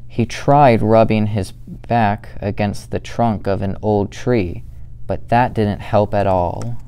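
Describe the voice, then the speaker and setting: Slow, mellow young male story reader. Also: on the low side, smooth. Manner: slow, steady, gentle reading. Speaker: student volunteer reader. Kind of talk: children's story read-aloud.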